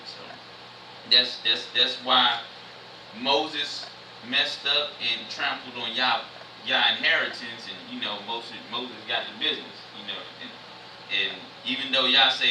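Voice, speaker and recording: A man giving a casual sermon in church, reading scripture slowly and then explaining it in loose everyday slang. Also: mid-range voice, steady tone, far from the mic, background noise. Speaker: church speaker. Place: church sanctuary. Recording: echoey church room, mic from afar.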